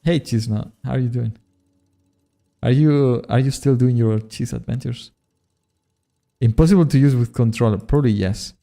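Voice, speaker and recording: A man's voice: mid-range voice, normal speed, creaky, pauses often, dark tone. Casual, self-mocking male streamer. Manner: casual, self-deprecating, swears often, laughs at himself. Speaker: streamer and modpack creator. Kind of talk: casual live-stream gameplay chat.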